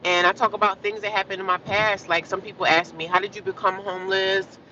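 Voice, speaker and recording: A woman from New Jersey talks straight into her phone on a live stream, blunt and outspoken with her viewers. Her voice is bright and forward. The sound is a little muffled, with faint traffic in the background. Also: mid-range voice, flat delivery, a little fast. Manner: blunt, ranting at trolls, then chatty with viewers. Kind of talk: casual live-stream talk.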